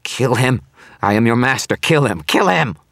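A man voicing a frantic, terrified man who shrieks his lines in a high-pitched voice. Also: very animated, measured pace, fairly bright tone, slightly rough, dry recording, clean studio sound, exaggerated voice. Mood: panicked shrieking.

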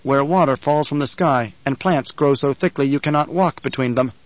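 A man's voice: mid-range voice, moderate pace, no room sound, lightly acted. Grave young duke, formal and commanding, as read by a male narrator; muffled dry studio read.

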